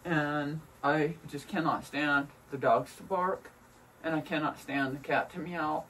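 A woman's voice: low-pitched, steady tone, unhurried, fairly bright tone, recorded from a distance. A woman vlogging at home in a casual, rambling way, venting bluntly with lots of swearing. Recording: voice from away from the mic, faint room noise.

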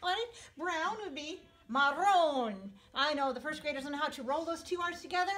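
A woman first grade teacher giving a playful video lesson, animated and encouraging, mixing in Spanish phrases. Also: sits high, moderate pace, hardly any pauses, very noisy.

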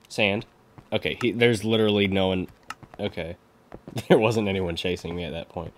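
A young man commentating his own gameplay, excitable, laughing often and talking at his opponents. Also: sits low, moderate pace, pauses often. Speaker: gaming commentator.

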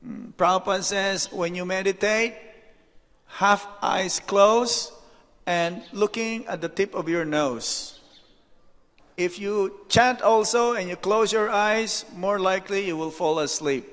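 A man, a monk, giving an unhurried devotional lecture, telling anecdotes and dropping rhetorical "hmm?" asides. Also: high-pitched, fairly bright tone. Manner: storytelling, reads out anecdotes. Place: temple hall. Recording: echoey hall reverb.

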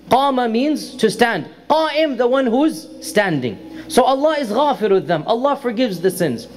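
A middle-aged man teaching a religious lecture, explaining terms carefully and repeating key words for emphasis. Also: high-pitched. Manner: pronounces Arabic terms carefully. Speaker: Islamic lecturer.

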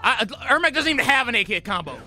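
A man streaming a fighting game live, swearing and shouting in frustration as he plays. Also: extremely high pitch, very animated, fast, faint music behind. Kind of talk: live gameplay commentary.

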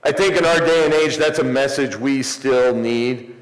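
A man preaching a sermon as pastor, rising into emphatic swells and slowing for pauses. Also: mid-range voice. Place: church sanctuary. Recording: echoey church hall, some distance.

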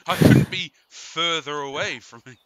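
A man's voice: a little high, unhurried, rough recording. A man with a New Zealand accent hosting a gaming channel, chatting casually and laughing often while he plays. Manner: giggly, jokey, laughs often. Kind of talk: casual chat while playing a game.

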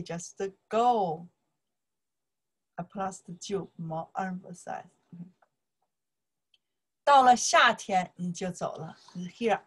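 A woman with a Chinese accent and Chinese as her first language teaches song lyrics, repeating words in broken English mixed with Chinese. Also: medium pitch. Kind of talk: explaining song lyrics in a lesson.

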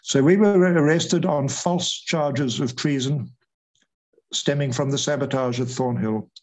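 A man's voice: medium pitch, unhurried, rough recording. Older man recounting a story. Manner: lively retelling, acts out quoted voices. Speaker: retired air force officer, guest. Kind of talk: storytelling interview.

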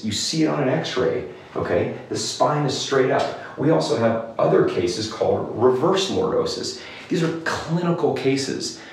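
Emphatic man with gravelly voice, echoey room. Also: mid-range voice, distant mic. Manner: emphatic, repeats "okay?" often. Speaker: clinician giving exercise advice. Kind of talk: direct-to-camera rant video. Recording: very echoey room, somewhat off-mic with faint noise.

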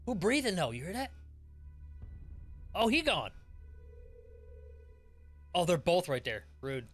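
Excitable, cussing gaming streamer guy. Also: sits high, slow pace, faint music behind. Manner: excitable and profane, laughs often. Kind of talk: horror gameplay commentary.

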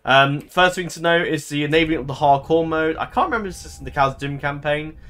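A man's voice: on the high side, fast talker, fairly bright tone. A man giving casual commentary over a strategy game. He rambles and fills his talk with ums and self-corrections. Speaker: gaming channel host.

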